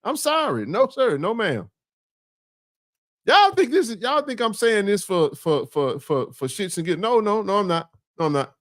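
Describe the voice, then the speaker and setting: A man with a high, bright speaking voice hosts a casual sports talk show. He piles on repetitions and playful trash talk in a dry, close recording. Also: very animated, normal speed, no room sound.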